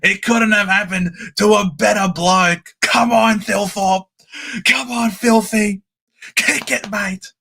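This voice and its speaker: A high-voiced man calls a football match for his live-stream audience at an unhurried pace. His tone is bright and lively, and he breaks into shouts and cheers at the play. He speaks into a home streaming mic. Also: creaky, husky. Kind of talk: excited live sports commentary.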